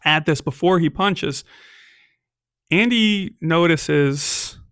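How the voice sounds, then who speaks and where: A man's voice: fairly high pitch, takes it slowly, fairly bright tone, no room sound, clean studio sound. A man narrating a solo tabletop game as game master, casual and chatty, peppering his telling with "right?" and "um".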